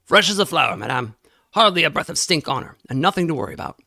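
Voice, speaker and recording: A woman voicing a heavy, gruff grave-robbing man who growls his lines, in a dry-sounding reading. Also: deep voice, animated, fast, sharp tone, no room sound, full character voice. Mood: cheerful. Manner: growling, rough-spoken.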